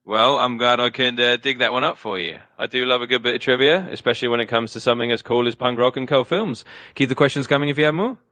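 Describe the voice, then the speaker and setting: Bright, upbeat male AI assistant voice. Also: medium pitch, no room sound. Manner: upbeat and eager, quick explanations. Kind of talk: conversational answers.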